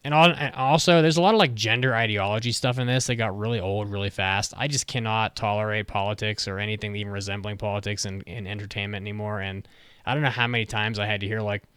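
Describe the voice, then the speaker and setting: A man on a podcast tears into a show in a blunt, swear-laden rant. His voice is smooth and clear. The recording is dry and close, with no room sound. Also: fairly low pitch, steady tone, quick pace, a bit bright, dry recording. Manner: blunt, profane, ranting. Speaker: podcast co-host. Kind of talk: casual review chat.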